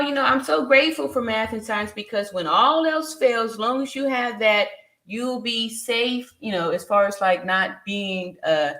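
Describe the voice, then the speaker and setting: A woman's voice: medium pitch, a bit bright, reverberant. A woman in her fifties hosting a casual live stream, greeting viewers by name, reading their comments aloud and laughing often. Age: 50s.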